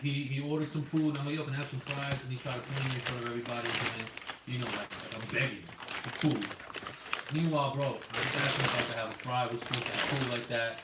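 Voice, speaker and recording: A man's voice: medium pitch, fairly even intonation, fast talker. A man telling a profane, heated work story in casual podcast chat. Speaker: podcast co-host. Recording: roomy, distant mic with faint noise.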